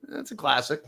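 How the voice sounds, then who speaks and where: A man hosting a loose comedy show, chatting casually and laughing often. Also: pushed and bright. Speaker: host.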